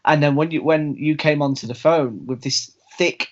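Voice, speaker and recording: A man's voice: a little high, moderate pace, muffled recording. A man hosting a podcast, talking in an enthusiastic, colloquial way and often restarting his sentences. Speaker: podcast host. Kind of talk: casual podcast interview.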